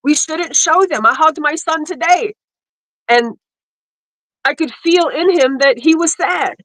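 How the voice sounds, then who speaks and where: A woman's voice: sits high, a little slow, a bit bright, dry recording, low-quality recording. A woman hosting a casual panel chat, emotional and teary, laughing between her words.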